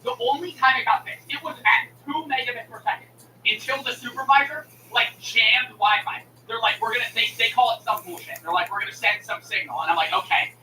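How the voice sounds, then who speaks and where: A man's voice: high voice, pushed and bright. A man streamer in a casual, heated rant, swearing and acting out both sides of a phone call. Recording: echoey room mic from a distance with noise.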